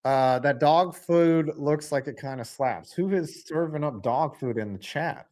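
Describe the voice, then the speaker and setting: A man streaming a live football reaction, excitable and rambling, swinging from loud outbursts to low mutters. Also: a little slow. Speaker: sports streamer.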